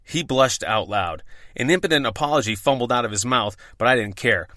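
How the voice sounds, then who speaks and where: A man, a bartender who hosts a podcast, telling a story with wry, heavily profane narration and dramatic pauses. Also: medium pitch, lively intonation, sharp tone, dry recording, clean studio sound.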